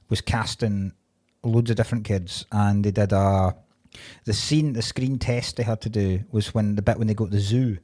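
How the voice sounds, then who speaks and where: A man, co-hosting a casual podcast, telling stories in a relaxed way and laughing easily. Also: on the low side. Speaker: podcast co-host. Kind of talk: casual chat.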